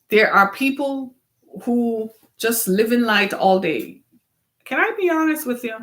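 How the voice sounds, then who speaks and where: A middle-aged woman speaks to camera in an earnest, preacher-like way, turning again and again to ask the listener questions. Her voice sits a little high. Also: fairly bright tone. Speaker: web series host. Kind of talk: motivational talk to camera.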